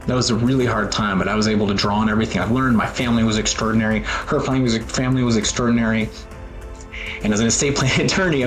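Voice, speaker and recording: Man, forties, low pitch, earnest, emotional, halting, faint music. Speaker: speaker telling his story. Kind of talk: personal talk with photos.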